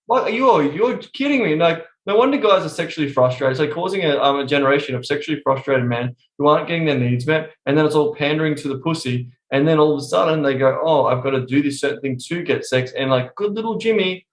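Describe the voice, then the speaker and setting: A man's voice: a little high, expressive, quick pace, few pauses. A man chatting on a podcast in a blunt, emphatic way, swearing constantly. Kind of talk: casual podcast chat. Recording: roomy echo.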